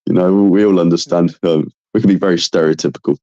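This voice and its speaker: A man's voice: low voice, fairly even intonation, fast talker, warm tone, dry recording, muffled recording. A man from southern England with a southern English accent, a volunteer soldier, chatting in an easygoing, upbeat way. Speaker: British volunteer soldier in Ukraine. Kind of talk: casual chat on a live stream.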